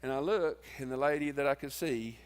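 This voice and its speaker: A man's voice: mid-range voice, a little fast, smooth. Man giving a folksy eulogy in a reverberant church. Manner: folksy, tells stories and acts out quoted lines. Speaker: eulogist at his wife's funeral. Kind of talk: funeral eulogy, folksy storytelling. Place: church sanctuary.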